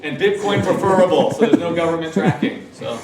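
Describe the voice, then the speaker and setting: A man's voice: high-pitched, brisk, over a noisy crowd. A man in the audience of a class making joking asides. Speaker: class participant.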